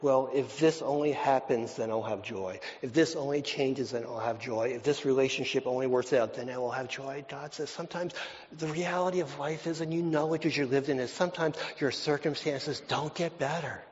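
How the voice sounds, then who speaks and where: A man's voice: mid-range voice, moderate pace, a little mellow. Preaching man in a reverberant hall. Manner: preaching with rising emphasis, then dropping to near whispers; repeats phrases for emphasis. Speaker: pastor. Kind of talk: sermon. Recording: dull lo-fi hall recording.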